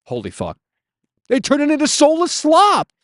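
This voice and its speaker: A man's voice: very high-pitched, wildly swooping pitch, moderate pace, no echo, studio quality. A man hosting a casual live stream outdoors on his phone, ranting and swearing as he answers chat. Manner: ranting, profane, reading chat aloud.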